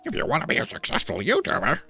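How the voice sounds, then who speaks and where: A shrill, gravelly creature-like voice that sounds squeaky and a touch raspy. It swings wildly up and down and gets through its lines fast. The tone is mocking and preachy, as if lecturing someone on how to succeed. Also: male voice, huge pitch swings, pushed and bright, soft background music, heavily acted.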